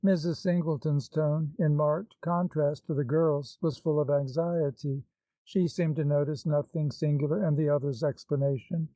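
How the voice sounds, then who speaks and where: A man reading a classic novel aloud as audiobook narrator, measured and even. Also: fairly high pitch, dry recording. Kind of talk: scripted narration. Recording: slightly dull, dry recording.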